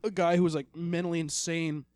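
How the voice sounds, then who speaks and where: High-voiced young man, joking podcast co-host. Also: flat delivery, brisk, darkish tone, clean tone, dry recording. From Maryland, USA. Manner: laughs often, profane, joking. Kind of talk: casual chat.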